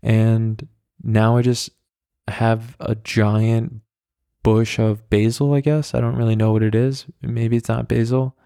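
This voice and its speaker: Podcast host, male, low and even delivery, self-deprecating rambler. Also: slow, creaky, dry recording, clean studio sound. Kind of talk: casual solo storytelling. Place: his own flat, walking around. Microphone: handheld mic carried around.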